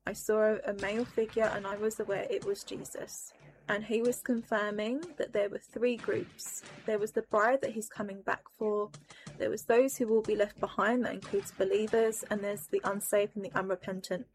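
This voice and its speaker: A woman's voice: mid-range voice, flat delivery, normal speed, a little hiss or hum. Woman solemnly recounting a vision. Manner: solemn, dramatic retelling. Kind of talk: personal testimony.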